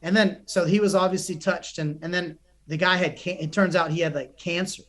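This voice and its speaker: This young man speaks briskly in a high-pitched voice. Interviewed on a podcast, the psychotherapist and coach recounts stories with earnest, animated energy, often starting his sentences over.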